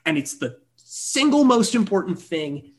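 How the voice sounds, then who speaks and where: A man co-hosting a casual film podcast, animated and swearing freely as he argues his point. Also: high voice, unhurried. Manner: animated, swears freely, launches into mocking asides. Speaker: podcast co-host. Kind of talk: casual film review chat.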